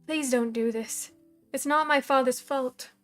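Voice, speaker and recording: A woman's voice: high voice, fairly even intonation, soft background music. A woman voicing a frightened, pleading young woman. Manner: earnest, pleading, halting.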